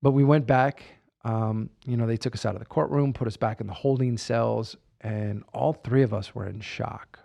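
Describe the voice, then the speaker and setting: A man's voice: medium pitch, steady tone, moderate pace, vocal fry, hardly any pauses, mellow, lo-fi sound. A man telling a candid personal story in a reflective way. He repeats phrases for emphasis and often says "you know" and "like.". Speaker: guest sharing personal story.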